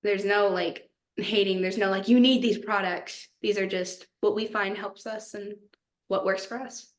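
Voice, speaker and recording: A young woman from Texas co-hosts a casual podcast chat. She is bubbly and giggly, and gushes warmly over her best friend. Her voice sits at an ordinary middle pitch. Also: fairly even intonation, measured pace. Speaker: podcast co-host.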